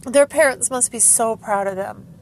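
A woman's voice: a little high, moderate pace, a little mellow. A woman hosting a casual solo podcast, emotional, laughing and crying as she gushes. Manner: emotional, laughing and tearful, gushing. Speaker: podcast host.

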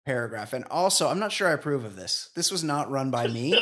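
A man hosting a podcast, leading the chat with incredulous, swearing reactions and quick laughter. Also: mid-range voice, expressive, a bit bright. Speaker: podcast host.

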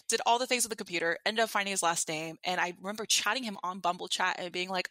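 A woman's voice: fairly low pitch, fairly quick, few pauses, pushed and bright, no echo. A young woman telling a personal dating story in a casual chat, full of fillers like "like" and "you know.". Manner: chatty, uses many fillers like "like" and "you know". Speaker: guest.

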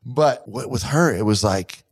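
This man's voice is husky and medium in pitch, and he talks a little slowly. As a fitness gym owner co-hosting a laid-back podcast, he spins lively, animated stories and performs the quoted lines.

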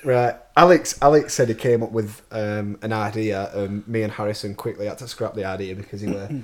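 A man's voice: lowish voice, steady tone, a little fast. Lancashire man hosting casual banter. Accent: Lancashire English. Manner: laughing, swearing, storytelling. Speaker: podcast host.

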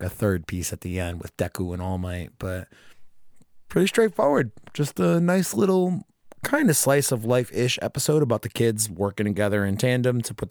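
A man in his thirties hosts a podcast, rambling, joking with friends, and swearing freely in casual chat. His voice sits fairly low with a darkish tone, recorded in clean studio quality with no echo.

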